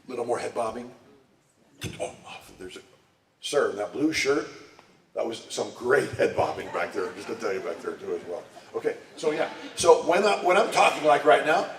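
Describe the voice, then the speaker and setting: Recorded from a distance in an echoey church sanctuary with faint ambience and a little hiss or hum, a man gives a chatty talk to the congregation. He speaks in a mid-range voice and keeps putting direct questions to his audience.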